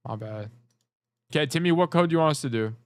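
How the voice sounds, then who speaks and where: A man's voice: on the high side, expressive, quick pace, clean tone, no room sound, studio quality. A man coaching players over a casual livestream, rambling, joking and swearing as he talks. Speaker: game coach.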